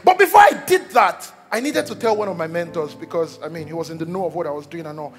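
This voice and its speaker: A man's voice: fairly high pitch, quick pace, over music. A young Nigerian man, a pastor, telling a story in a sermon, joking with the congregation as he goes. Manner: animated storytelling, jokes with the congregation.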